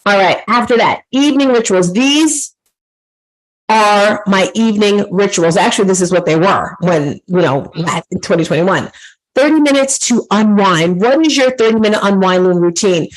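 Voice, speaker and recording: A woman's voice: mid-range voice, expressive, moderate pace, rough recording. A woman hosting a live online workshop, casual and encouraging, giving tasks to her participants. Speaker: online class host and coach.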